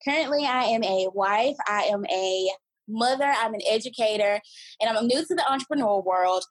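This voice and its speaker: A young woman in her twenties tells her own story on a podcast, candid and animated. Her voice is fairly high and a little husky. She is recorded close up in a dry space. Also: normal speed, dry recording, poor audio. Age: 20s. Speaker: podcast guest. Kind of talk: casual storytelling.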